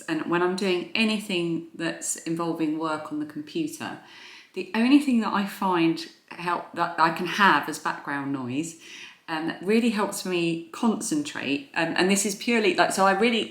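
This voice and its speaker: A British woman chatting casually in a crafting vlog at home, rambling and hesitant with many fillers and restarts. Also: low voice. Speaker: crafting YouTuber. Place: home, indoors. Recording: echoey room.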